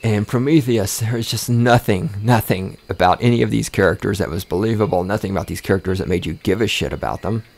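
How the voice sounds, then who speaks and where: A man's voice: lowish voice, quick pace, vocal fry, hardly any pauses, a little mellow. Profane, sarcastic man ranting on a podcast. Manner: sarcastic, swears often, mocks with exaggerated voices; repeats words and restarts when worked up. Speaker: podcast host. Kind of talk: casual profane rant.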